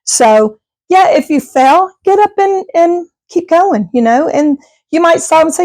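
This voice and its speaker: A woman's voice: high-pitched, animated, a little slow, darkish tone, no echo. A middle-aged woman, chatting casually to her viewers as a vlogger, rambling and laughing often. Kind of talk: casual chat.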